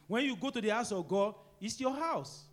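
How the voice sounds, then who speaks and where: High-voiced preaching man with big swings. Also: animated, normal speed. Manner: preaching with sudden loud emphatic rises and quiet low asides. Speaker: pastor. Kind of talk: sermon.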